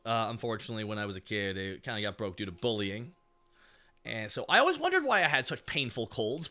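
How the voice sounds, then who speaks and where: A man's voice: medium pitch, bright, forceful tone. A man chatting casually and joking with profanity while he streams a game. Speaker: VTuber streamer.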